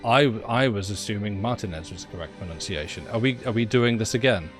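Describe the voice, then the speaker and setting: A British man talks casually on a live game stream, wandering from thought to thought with a wry, self-deprecating humour. His voice sits a little low. Faint music plays underneath. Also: lively intonation, fairly quick. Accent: British English. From Britain.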